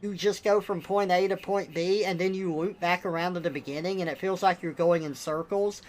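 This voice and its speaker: A young man on a live stream, ranting bluntly and with exasperation, swearing now and then. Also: high voice. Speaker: livestreamer. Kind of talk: casual live-stream rant.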